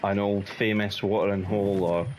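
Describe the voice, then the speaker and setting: A man's voice: lowish voice, flat delivery, normal speed, a little mellow, slight background noise. A Scottish man giving chatty, rambling commentary while playing a video game. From Scotland. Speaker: let's play host.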